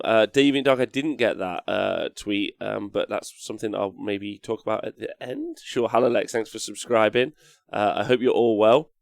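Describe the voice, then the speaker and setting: A man hosting a live-streamed show, talking in a rambling, energetic way with a hoarse, worn-out voice as he reads out chat messages. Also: lowish voice, no echo, clean studio sound. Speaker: host.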